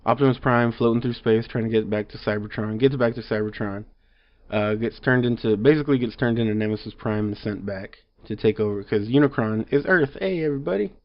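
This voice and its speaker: A man's voice: fairly low pitch, fairly quick. A man casually reviewing a movie at home, rambling with lots of fillers and growing exasperated. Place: home room. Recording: slightly dull lo-fi audio.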